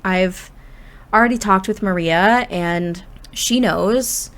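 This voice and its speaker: A woman voicing a resigned father in his seventies in her own voice, soft and reassuring in a game story. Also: medium pitch, takes it slowly.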